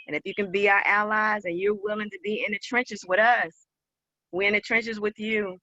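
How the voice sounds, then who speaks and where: A woman's voice: mid-range voice, steady tone, brisk, bright, forceful tone, no echo, dull audio. A woman giving a heartfelt, emotional speech to an online circle in repeating, rhythmic phrases.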